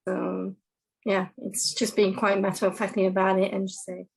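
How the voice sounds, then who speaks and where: Woman, parent panelist, plain-spoken, monotone, gravelly. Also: mid-range voice, normal speed, low-quality recording. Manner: matter-of-fact, plain-spoken. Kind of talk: live panel discussion.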